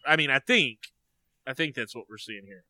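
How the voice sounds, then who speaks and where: Man, podcast co-host, bright edge, dry close sound, teasing, casual sports chat. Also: mid-range voice, normal speed, no room sound. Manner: chatty, teasing, animated when excited.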